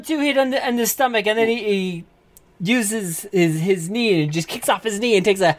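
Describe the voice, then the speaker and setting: A woman narrating as game master with a strained voice, animated and prone to shouted character voices. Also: medium pitch, moderate pace. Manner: animated, bursts into shouted announcer and wrestler voices.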